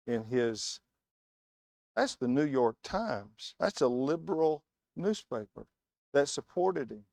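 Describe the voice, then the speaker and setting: In a church, a guest preacher delivers a sermon, stressing his points emphatically and weaving in anecdotes like a storyteller. His voice is a little high for a man, expressive and measured in pace, recorded close and dry with little room echo.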